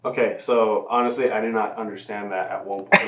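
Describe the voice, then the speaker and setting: A man giving his take in a casual film review, animated but halting, full of fillers and the odd swear word. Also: on the low side. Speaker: co-host reviewer. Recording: echoey room.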